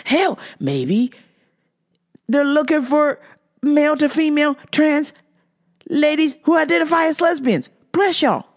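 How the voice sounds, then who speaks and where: A woman hosting a podcast, ranting in a heated, profane way that swings between yelling and muttering. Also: sits high, animated, a little slow, long pauses. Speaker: podcast host.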